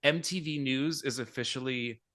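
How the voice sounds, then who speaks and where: A man hosting a podcast, chatting casually, animated and laughing often at himself. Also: mid-range voice, normal speed. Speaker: podcast host.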